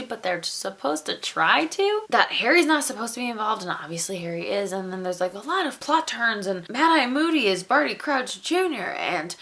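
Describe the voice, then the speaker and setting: Animated woman reviewing a book casually. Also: medium pitch, creaky. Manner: animated, casual swearing, frequent "like".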